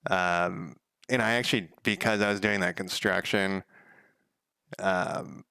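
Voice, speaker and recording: A man talks in a loose, rambling way at home, chuckling often and swearing casually. His voice has a gravelly edge yet stays smooth and resonant. The sound is dry and close, with no room echo. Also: low-pitched, steady tone, unhurried, pushed and bright. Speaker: game developer streamer. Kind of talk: casual chat.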